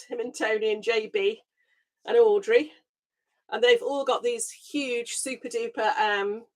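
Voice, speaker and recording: A woman hosting a casual live gardening chat through her webcam microphone, chatty and quick to laugh, her voice a little squeaky as it recovers. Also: fairly bright tone. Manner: chatty, laughs often, greets viewers by name. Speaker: gardening channel host.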